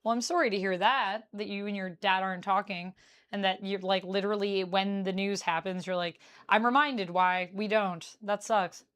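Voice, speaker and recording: A woman's voice: medium pitch, steady tone, moderate pace, a bit bright, clear, resonant tone. A young woman, chatting casually with her live-stream viewers as she bakes and reads their comments aloud. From Canada. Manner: chatty, reading chat aloud while baking.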